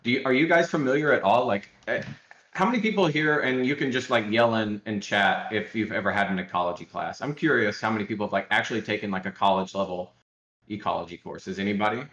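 A man's voice: lowish voice, fast talker, a bit bright, roomy sound, lo-fi sound. A man from Alabama, a guest educator, chatting casually on a podcast in a rambling, joking way with lots of fillers and restarts.

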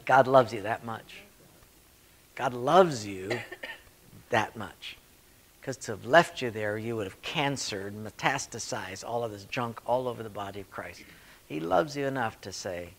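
A male pastor teaching a church leadership class, telling stories and acting out quoted voices with sudden rises in pitch and loudness. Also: a little slow. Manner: storytelling, acts out quotes with big swings in pitch and volume. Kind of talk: sermon-style Q&A teaching.

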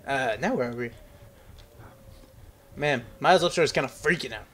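A man's voice: mid-range voice, lively intonation, takes it slowly, long pauses, a bit bright, slightly rough. A young man giving casual, rambling commentary on a horror game into a headset, nervous and joking as he talks to the characters on screen. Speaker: gaming commentator.

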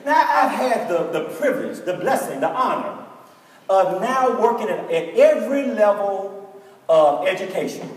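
A middle-aged man preaching a sermon with storytelling, animated and acting out conversations. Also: sits high, moderate pace. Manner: animated preacher, acts out students in dialogue. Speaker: pastor. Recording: echoey hall from far off.

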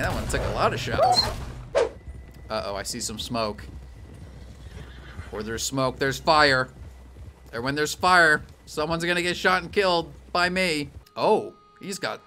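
A young man commenting as he plays a video game, jokey and animated, yelping and apologizing loudly as things go wrong. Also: on the high side. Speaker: streamer playing a video game. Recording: faint game music behind.

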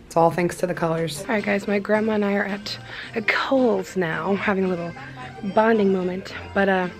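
A woman's voice: medium pitch, steady tone, normal speed, soft background music. A young woman vlogging in a casual, bubbly, giggly way, saying "like" often. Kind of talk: casual vlog chat.

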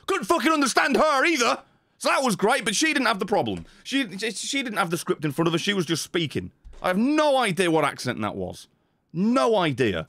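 Swearing, lively man ranting on stream. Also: fairly high pitch, dry recording. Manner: swears constantly, animated and exasperated. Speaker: game streamer. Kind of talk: casual live-stream rant.

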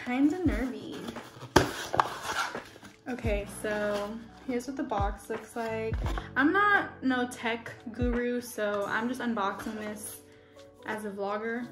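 A young woman vlogging to her camera in an excitable, chatty way, full of "like". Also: fairly high pitch, slow. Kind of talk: casual vlog chat. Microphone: handheld camera. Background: background music.

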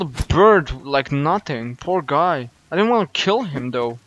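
Young man, gameplay commentary, excitable and jumpy, slightly high voice, faint background hiss. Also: unhurried. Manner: excitable, jumpy, swears when startled. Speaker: gaming YouTuber. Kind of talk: first-play horror game commentary.

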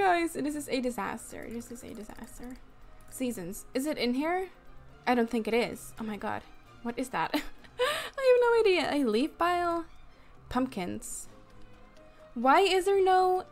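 Excitable giggly woman narrating gameplay. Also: high-pitched. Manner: excitable, giggly, exclaims often. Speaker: gaming YouTuber. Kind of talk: casual gameplay commentary. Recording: fan noise in the background.

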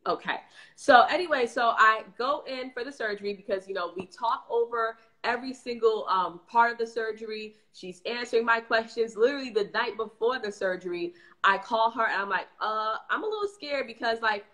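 A woman guest recounts her own experience with a bright, forceful tone and lively energy. She talks casually, often checking in with "you know what I'm saying," and slips into little acted voices for the people in her story. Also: fairly high pitch, a little fast. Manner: lively, acts out quoted voices. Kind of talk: animated personal storytelling.

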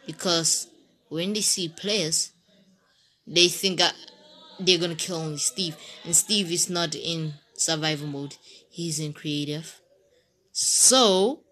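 A woman's voice: sits low, unhurried, bright, forceful tone. A woman hosting her own gaming channel, giving stammering, emotional commentary and talking to her game creature as she plays. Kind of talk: casual gameplay commentary.

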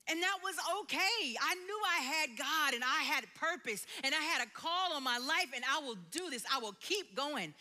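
A woman, telling her own story in a church sermon and dropping to a soft hush at quiet moments. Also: sits high. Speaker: preacher sharing testimony. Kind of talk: sermon testimony. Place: church sanctuary.

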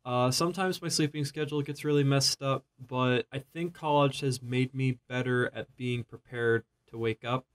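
A man's voice: medium pitch, steady tone, moderate pace, hardly any pauses. A young man co-hosting a casual college podcast, easygoing and joking with playful asides. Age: young adult. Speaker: podcast co-host. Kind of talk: casual chat. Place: college campus.

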